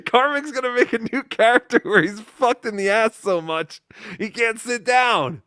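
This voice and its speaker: A man hosting a live show who banters in an excitable, teasing and crude way. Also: very high voice, unhurried, clear, resonant tone, dry recording, studio quality. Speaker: host. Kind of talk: casual live-stream banter.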